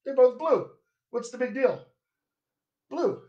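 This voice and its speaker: A man's voice: very high voice, lively intonation, slow, muffled recording, voice pushed up, heavily acted. A man putting on the voice of a puzzled student's brain, dismissive and questioning. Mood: unbothered. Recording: echoey room.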